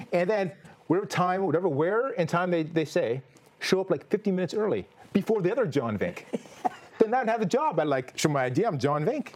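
A young man hosts a comedy talk show. His voice sits fairly high and swoops up and down as he tells stories. He jokes in a playful, deadpan way. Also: brisk, a little hiss or hum. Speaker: host.

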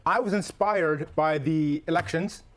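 A man's voice: a little high, unhurried, a little hiss or hum. A man hosting a casual comedy chat show, with a playful, teasing, rambling way of talking. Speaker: podcast host.

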